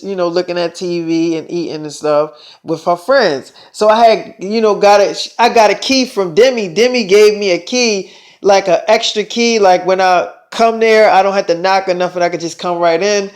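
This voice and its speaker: A young man telling a long made-up story in a loose, rambling way, full of fillers and swearing. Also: high-pitched. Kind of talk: casual storytelling.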